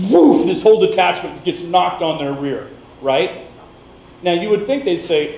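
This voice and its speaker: A male pastor delivering a sermon, retelling a scripture story in a lively, playful way. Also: a little high, unhurried, creaky, echoey room, low-quality recording.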